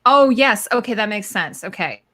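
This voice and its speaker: A woman's voice: mid-range voice, expressive, normal speed, a bit bright. A woman hosting a casual livestream, chatting with guests and reading viewer comments aloud. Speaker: livestream host.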